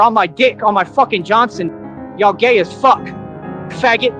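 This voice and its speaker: A man's voice: high voice, a little fast. A man ranting on his livestream in a defiant, profane, taunting way, playing as a clip. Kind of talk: confrontational livestream rant. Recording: muffled clip with loud music.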